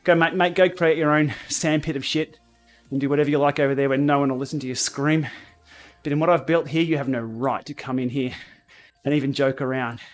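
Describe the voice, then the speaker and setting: A man hosting a casual cycling livestream from his home training room, blunt and outspoken, quick to laugh. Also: medium pitch, fairly even intonation, soft background music. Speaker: cycling YouTuber and livestream host. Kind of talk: casual livestream chat while riding.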